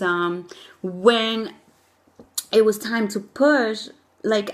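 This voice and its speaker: A young woman tells a personal story in a loose, chatty way. She gushes and leans on "like" and "oh my God" fillers while keeping her voice at a middle pitch. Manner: animated, gushing, many "like" and "oh my God" fillers. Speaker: new mother telling her birth story.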